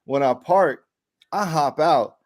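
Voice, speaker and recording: A middle-aged man with a slightly raised voice co-hosts a relaxed conversation. He spins an anecdote with lively energy, playing out the people he talks about. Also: a little high, slow pace. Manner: animated storyteller who acts out quoted people. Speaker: podcast co-host. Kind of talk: casual chat, storytelling.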